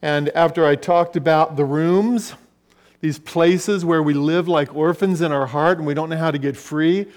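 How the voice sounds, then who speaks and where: A man preaching a sermon, telling stories and swinging between loud passages and hushed ones. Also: a little high, fairly even intonation, normal speed. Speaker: pastor. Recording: long reverb of a large hall.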